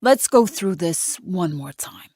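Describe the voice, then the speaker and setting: A gruff middle-aged cop with a New York drawl, pressing his questions in a low voice, as a woman reads him in an audiobook. The sound is close and dry. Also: animated, slow, a little mellow, no echo. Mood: probing. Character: gruff middle-aged male police detective.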